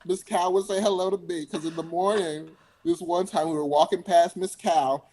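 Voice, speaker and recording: A man's voice: high-pitched, fairly even intonation, normal speed, mellow, a little hiss or hum. A young man, a singer guest, telling stories in a casual interview chat and laughing often.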